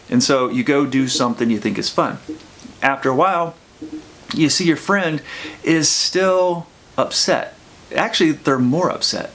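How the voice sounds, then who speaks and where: A man's voice: fairly high pitch, a little slow, a bit bright. A man, an addiction counselor, talking earnestly to camera and often repeating his phrases as he explains. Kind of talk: earnest advice talk to camera.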